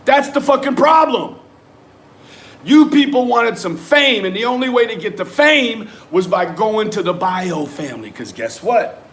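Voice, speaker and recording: A young man rants through a livestream, his voice sitting a little high for a man. He is confrontational and profane, snapping at commenters by name between his points. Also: big pitch swings, a little slow, a bit bright. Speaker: livestream host.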